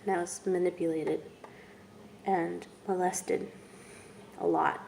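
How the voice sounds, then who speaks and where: A young woman speaking to camera in a low, flat, mellow voice. She talks haltingly, pausing often and letting words fall to a whisper. The delivery stays subdued throughout. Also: gravelly, a little hiss or hum. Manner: halting and soft, with long pauses and trailing whispers. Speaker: vlogger. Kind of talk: personal testimony vlog.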